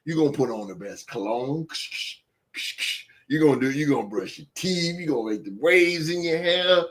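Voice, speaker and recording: A man's voice: fairly high pitch, animated, normal speed, fairly bright tone. A man in casual banter, slangy and stammering as he talks. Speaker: podcast co-host.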